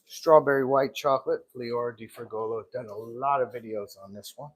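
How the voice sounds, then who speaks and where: Working in his gelato shop, a man chats on a live stream, muttering to himself and frequently clearing his throat. He has a mid-range voice and talks at normal speed. Background noise and clicks are clearly audible.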